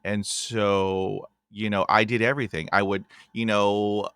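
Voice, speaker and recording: Stuttering man telling a lively story. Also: on the low side, unhurried, smooth, no echo, clean studio sound. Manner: stutters, with repeated sounds; animated storyteller, often addresses the guest by name. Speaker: podcast host. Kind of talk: casual interview chat.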